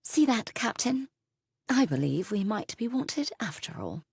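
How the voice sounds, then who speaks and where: A woman's voice: medium pitch, very animated, measured pace, creaky, a little mellow, slightly rough, no echo, pitched above the performer's own voice, exaggerated voice. A woman voicing a poised British private investigator with a British accent, polite and sweetly composed.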